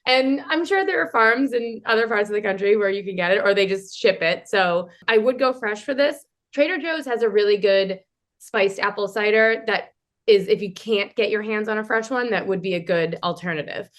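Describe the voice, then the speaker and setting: A woman's voice: mid-range voice, normal speed. A woman co-hosting a podcast while she is sick, chatting casually with lots of laughter and rambling side stories. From New England. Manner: giggly, chatty, rambling asides. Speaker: podcast co-host. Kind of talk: casual chat.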